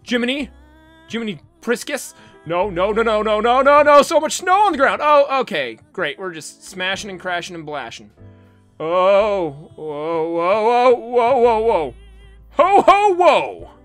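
A man hosting a gaming channel, giving excitable, goofy let's-play commentary full of exclamations and silly noises. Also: high voice, a little slow, soft background music.

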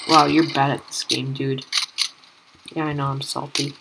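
A young woman giving self-deprecating gameplay commentary while playing, breaking into sudden excited outbursts. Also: a bass voice, moderate pace, vocal fry, heavy background noise. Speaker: gamer.

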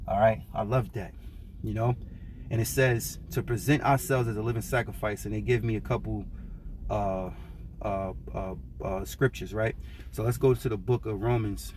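A man teaching scripture in a relaxed, conversational way, drawing out and repeating key words for stress. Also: on the low side, moderate pace, a little hiss or hum. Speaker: preacher.

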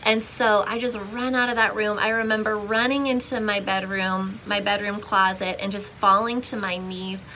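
A young woman with a bright, clear voice and mid-range pitch tells a personal faith story to her viewers. She talks casually and expressively, with emotional swings and frequent restarts. Faint background noise sits under her voice. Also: steady tone, normal speed, few pauses, poor audio. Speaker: vlogger sharing a faith testimony.

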